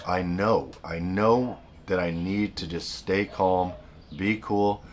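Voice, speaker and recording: Male host, very low voice, earnest advice monologue with self-corrections, faint noise behind. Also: takes it slowly. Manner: earnest, repeats himself, restarts sentences. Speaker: self-help video host.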